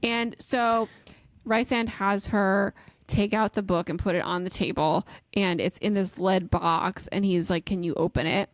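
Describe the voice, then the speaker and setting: Casual woman co-host, lively storyteller, mid-pitch, dry close mic. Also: a little slow, few pauses, dry recording. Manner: animated storyteller, laughs often, acts out quotes. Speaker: podcast co-host. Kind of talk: casual chat recapping a book.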